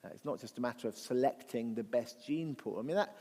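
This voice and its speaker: A man's voice: mid-range voice, fairly quick, warm tone. A man speaking as guest speaker at a church event, giving a conversational, reflective talk with restarts and rhetorical questions. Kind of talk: apologetics talk to an audience. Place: church hall. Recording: long reverb of a large hall.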